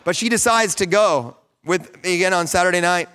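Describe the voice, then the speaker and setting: A pastor in his thirties preaches, carrying his stories through to fervent high points. His voice sits a little above the usual male range and sounds smooth and resonant. He talks in a casual way, full of fillers and restarts. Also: a little fast. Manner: storytelling, animated, rising to fervent peaks. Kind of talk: sermon.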